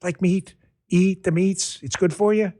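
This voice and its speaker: A man's voice: sits high, steady tone, a little slow, warm tone. A middle-aged man from New York hosting a podcast, talking in a loose, joking way with rambling asides. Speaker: podcast host. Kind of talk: casual political podcast talk.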